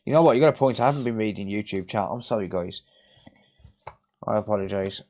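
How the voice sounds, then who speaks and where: A man's voice: on the low side, racing, warm tone. A man chatting casually on a live repair stream, blunt and sweary, joking and ranting as he works. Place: repair workbench.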